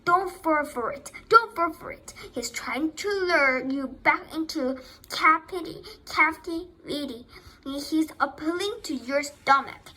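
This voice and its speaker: A woman voicing an excited, bossy farm goose that repeats her loud honking cries. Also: sits high, slow pace, pitched above the performer's own voice, exaggerated voice, poor audio. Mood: urgent.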